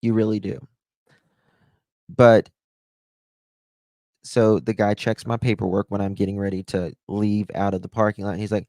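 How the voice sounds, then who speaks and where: A man's voice: on the low side, steady tone, moderate pace, long pauses, dark tone, dry recording. A man from the United States hosting a livestream, rambling chattily as he thanks viewers and tells stories. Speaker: livestream host.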